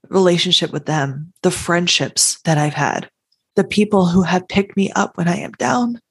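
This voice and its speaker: A woman with a low, husky voice hosts a podcast alone. She speaks in an earnest, heartfelt and emphatic way. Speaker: podcast host. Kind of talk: solo podcast monologue.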